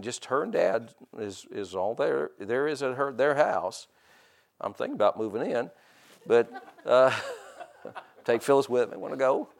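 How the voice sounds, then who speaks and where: The voice belongs to a middle-aged man, a pastor, preaching with a mid-range tone marked by vocal fry. He lingers over scripture quotes for emphasis and throws offhand asides to the congregation.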